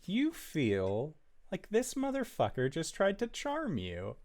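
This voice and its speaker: A man acting as game master, giving brisk, casual rulings. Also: a little high, huge pitch swings, darkish tone. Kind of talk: running a tabletop game.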